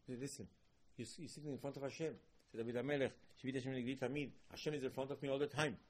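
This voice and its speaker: A man delivers an emphatic sermon in a husky, slightly breathy voice. His pitch sits in the middle range, and he turns suddenly loud and high when he acts out a quoted question. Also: steady tone, racing. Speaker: rabbi.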